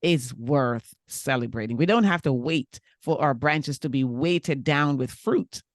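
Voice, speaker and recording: Slow, encouraging woman podcast host. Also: a bass voice, no room sound, studio quality. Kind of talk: casual faith conversation.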